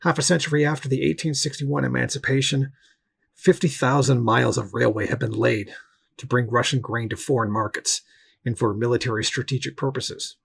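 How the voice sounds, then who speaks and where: A man giving a steady, measured read-aloud history commentary as a political commentator, with occasional restarts. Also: mid-range voice, gravelly, husky.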